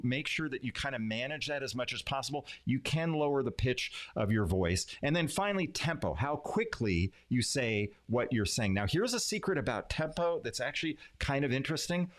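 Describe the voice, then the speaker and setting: A man teaching communication skills in a live-streamed lesson, who varies his pauses, loudness and emphasis for effect. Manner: animated, plays with pauses, pitch and emphasis. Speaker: leadership and communication coach. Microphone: streaming setup.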